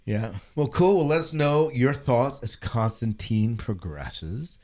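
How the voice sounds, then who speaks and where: A man's voice: mid-range voice, lively intonation, slow, a little mellow. A man co-hosting a casual podcast, reading out listener comments and laughing often. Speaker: podcast co-host.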